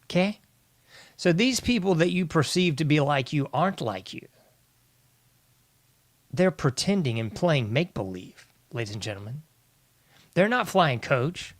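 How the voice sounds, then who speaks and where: A man hosting a political commentary show, ranting in an exasperated tone and calling his listeners "folks". His voice sits fairly high, and the sound is dry and close. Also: lively intonation, unhurried, long pauses, dry recording. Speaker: host.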